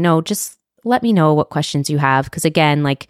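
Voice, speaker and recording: A woman in her thirties hosting a solo podcast, talking earnestly and from the heart, with restarts and soft laughs. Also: deep voice, animated, moderate pace, smooth, no echo, clean studio sound. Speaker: podcast host. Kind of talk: reflective solo podcast monologue.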